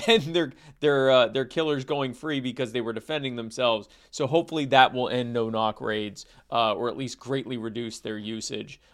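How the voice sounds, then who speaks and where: A man's voice: mid-range voice, a bit bright. A married man co-hosting a casual news chat, making wry, rambling asides. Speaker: podcast co-host.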